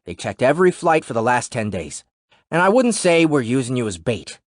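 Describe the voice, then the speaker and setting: A man's voice: mid-range voice, big pitch swings, brisk, no echo, clean studio sound, pitched above the performer's own voice, lightly acted. A male audiobook narrator voicing a breezy, wisecracking cop. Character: joking, laid-back male cop.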